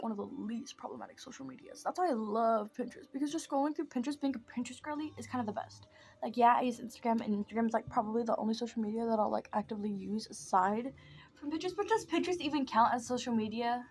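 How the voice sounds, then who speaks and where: Young woman w a slightly high voice rambling thru her makeup, keeps getting sidetracked and roasting herself. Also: fast talker, darkish tone. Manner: rambling, self-mocking, drifting off topic. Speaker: vlogger. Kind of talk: casual chat while doing makeup.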